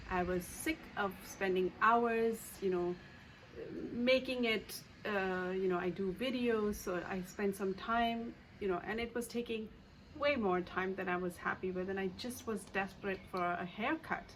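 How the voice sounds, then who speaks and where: Woman, coach, casual to-camera talk, filler-heavy, mid pitch, faint background noise. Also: a little slow, low-quality recording. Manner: conversational, many fillers and anecdotes. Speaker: EFT coach and author.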